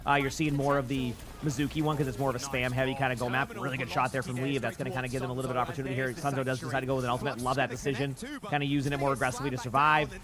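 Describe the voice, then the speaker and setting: With a mid-range voice and a flat delivery, a man streaming live reacts to a pro match, firing off esports commentary in rapid auctioneer-style patter.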